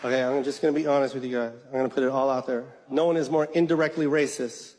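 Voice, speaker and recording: A man doing stand-up comedy, telling stories in an animated, exasperated way. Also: medium pitch, quick pace. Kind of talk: stand-up routine. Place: comedy club stage. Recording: echoey club with loud crowd laughter. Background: audience laughing.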